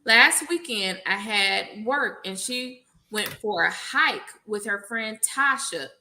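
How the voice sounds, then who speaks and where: A woman's voice: mid-range voice, lively intonation, slow, bright, forceful tone, slight background noise. A woman educator reading an advice letter aloud on a panel, adding playful asides.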